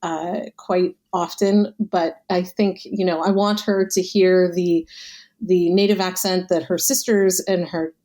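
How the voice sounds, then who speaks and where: A chatty woman in her thirties speaks with a light American accent. She talks casually as a podcast guest, with a lively, quick manner and laughs often. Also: lowish voice. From United States. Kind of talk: casual conversation.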